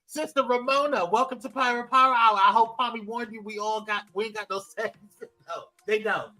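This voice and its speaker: A man hosting a casual live-stream morning show, animated and playful, his voice swooping high when he teases. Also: normal speed, low-quality recording. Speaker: host.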